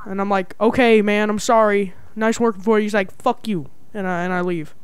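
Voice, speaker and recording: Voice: mid-range voice, fairly even intonation, brisk, smooth, no room sound, natural voice. A YouTuber voicing a brash, street-talking cat who rambles in tough mobster-style talk.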